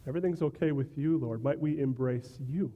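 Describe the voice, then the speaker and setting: A man's voice: on the high side, a little fast, dull audio. A male pastor preaching a sermon in a conversational way, often checking in with "right?" and sometimes restarting words.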